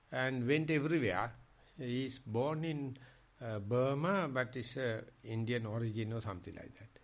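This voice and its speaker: An older man, a Buddhist monk with a Sri Lankan accent, teaching in a discussion and telling animated stories. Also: mid-range voice. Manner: animated storytelling, quoting others. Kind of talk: dhamma discussion.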